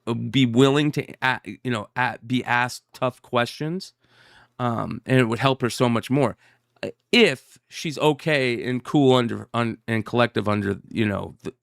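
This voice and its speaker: A man in casual podcast chat, his voice smooth and resonant in a dry, close sound. He talks unhurriedly, stopping and restarting, with plenty of fillers. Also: medium pitch, dry recording. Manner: slow, hesitant, with many fillers and restarts. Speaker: podcast co-host.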